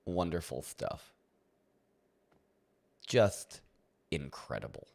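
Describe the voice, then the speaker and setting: A man's voice: rumbling low, very animated, extremely slow, vocal fry, darkish tone. A man casually chatting with viewers while playing a game, playful and rambling, chuckling often and talking to his chat. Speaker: streamer.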